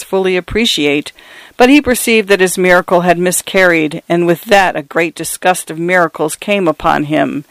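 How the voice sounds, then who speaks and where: A man reading a story aloud in a measured, dramatic way. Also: high voice, smooth, no echo, low-quality recording. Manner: dramatic, measured, lingering on phrases. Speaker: narrator. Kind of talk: storybook narration.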